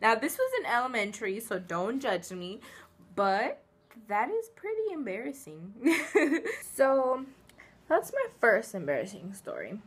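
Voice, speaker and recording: A woman's voice: a little high, measured pace, husky. A woman casually telling funny personal stories to camera, chatty and giggly. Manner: chatty, giggly, animated storyteller. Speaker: vlogger. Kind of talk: casual storytelling.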